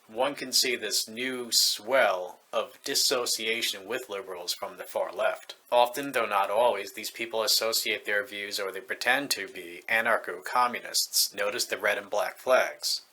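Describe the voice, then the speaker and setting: Bright-voiced sarcastic male commentator. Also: lowish voice, a little hiss or hum, poor audio. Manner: sarcastic, mocking. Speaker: political commentator.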